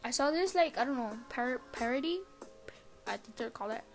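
A woman's voice: fairly high pitch, expressive, a little fast, noisy background. A teenage girl chatting alone on her podcast from her bedroom, rambling and swearing casually. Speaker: podcast host. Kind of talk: casual solo podcast chat.

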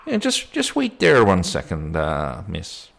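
A man's voice: deep voice, wildly swooping pitch, unhurried, gravelly, heavily acted. A man voicing a suspicious, patronizing British police desk sergeant whose accent wanders toward Scottish. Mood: condescending. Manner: pompous, patronizing, stammering.

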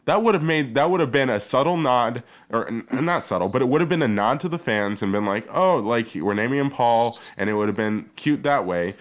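A mid-pitched man hosts a casual movie review chat. He sounds skeptical and laughs often. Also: lively intonation, brisk, hardly any pauses.

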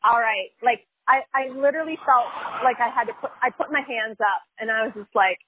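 In a noisy phone-line interview, a chiropractor who is also a life coach speaks candidly about her life. Her voice is fairly high and fairly quick, and she leans hard on emphasis, repeating herself and using many fillers.

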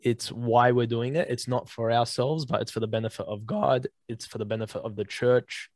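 A man's voice: medium pitch, steady tone, normal speed, darkish tone, dry recording. A man co-hosting a casual Christian chat, speaking earnestly and telling stories, his voice cracking now and then. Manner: earnest, storytelling. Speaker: podcast co-host.

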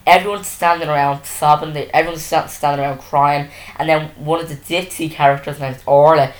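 A woman's voice: low-pitched, steady tone, fairly quick. A woman hosting a podcast, rambling through a story in casual chat with lots of fillers and restarts on a desk microphone. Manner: rambling, self-interrupting storytelling with many fillers. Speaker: podcast host. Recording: roomy, echoey room.

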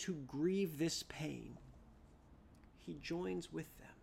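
A preacher giving a dramatic sermon, repeating phrases, rising loud then dropping to a hush. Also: mid-range voice, extremely slow, gravelly, pauses often.

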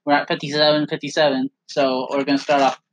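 A man's voice: on the high side, little pitch movement, fast, a little hiss or hum, poor audio. A young man chatting casually on a podcast while watching old footage, laughing often and swearing freely. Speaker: podcast co-host. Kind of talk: casual watch-along commentary.

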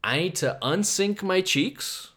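A man's voice: high-pitched, lively intonation, slow pace, fairly bright tone. A man hosting a solo podcast, rambling from topic to topic in a self-mocking, profane way. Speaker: podcast host.

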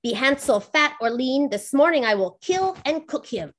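A wicked old witch from a storybook, greedy and cruel, played by a woman with a fairly high voice. She talks slowly and draws out her words with menace. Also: expressive. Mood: harsh. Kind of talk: storybook reading.

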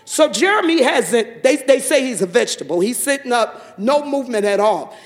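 A man giving a fervent testimony to a church congregation, telling a story and breaking into shouted praise. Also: extremely high pitch, very animated, moderate pace.

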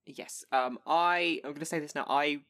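A man co-hosting a podcast, chatting in a relaxed way about his own experience of role-play. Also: fairly high pitch, moderate pace. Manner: relaxed, laughs easily, talks through his experience. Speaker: podcast co-host. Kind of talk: casual chat about tabletop role-play.

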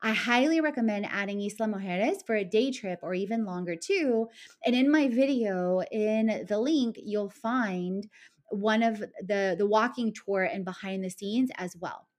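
A woman's voice: mid-range voice, a little slow. Enthusiastic woman travel vlogger, mid-range voice, casual list-style narration. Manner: upbeat, enthusiastic, self-correcting.

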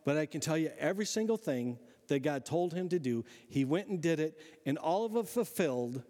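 A man preaching a sermon as a pastor, conversational and animated, asking the listeners rhetorical questions as he reads and explains scripture. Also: a little high, brisk, in a large hall.

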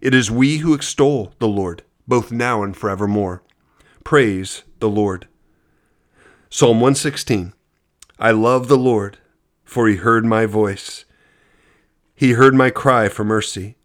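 Man reading scripture in measured tones. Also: lowish voice. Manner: measured, steady reading cadence. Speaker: Bible reader. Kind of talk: scripture reading with brief reflection.

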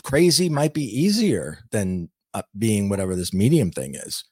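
A man's voice: lowish voice, very animated, moderate pace, warm tone, breathy edge, no echo, clean studio sound. A middle-aged man, a guest on a podcast, earnestly telling a personal story and acting out his own past words. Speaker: guest, intuitive and author.

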